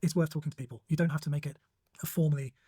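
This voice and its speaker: A speaker in a played clip giving brisk, matter-of-fact advice. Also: mid-range voice, fairly even intonation, a crowd in the background.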